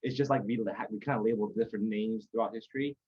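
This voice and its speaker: A husky-voiced man speaks as a podcast guest, rambling through his points with plenty of fillers. The audio is dull and lo-fi. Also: lowish voice, fairly even intonation, rapid-fire. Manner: rambling, lots of fillers and restarts. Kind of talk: casual conversation.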